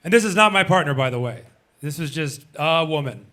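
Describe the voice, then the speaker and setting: Animated male stand-up comic. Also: on the high side, brisk. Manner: animated, punchy. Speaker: stand-up comedian. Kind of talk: stand-up comedy. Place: comedy club stage. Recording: live club recording, audience noise.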